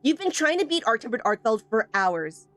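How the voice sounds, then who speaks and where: A woman's voice: fairly high pitch, sing-song, normal speed, fairly bright tone, dry recording, faint music behind. A woman streaming a game tutorial, teasing and emphatic, repeating points and answering chat. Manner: playful, teasing, emphatic with repetition. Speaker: streamer teaching a game weapon. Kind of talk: live stream tutorial, chatting with viewers.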